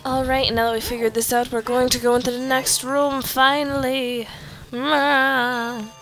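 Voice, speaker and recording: A sleepy young woman giving casual commentary over her gameplay, yawning and halting between fillers. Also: high-pitched, little pitch movement, a bit bright. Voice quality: drowsy, halting with many fillers. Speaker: let's play commentator. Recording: game music behind voice. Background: game music.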